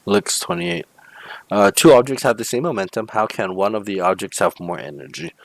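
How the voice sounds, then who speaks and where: A man's voice: lowish voice, animated, moderate pace, vocal fry, no echo. A male physics teacher talking through homework problems step by step, often checking in with "okay?" and "right?". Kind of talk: homework walkthrough lesson.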